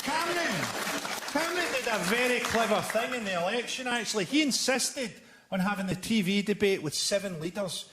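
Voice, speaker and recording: A man doing live stand-up comedy, with a deadpan, dark, sardonic delivery and mocking impressions. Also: high voice, a little fast. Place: theatre stage before a laughing audience. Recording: live theatre recording with loud crowd noise.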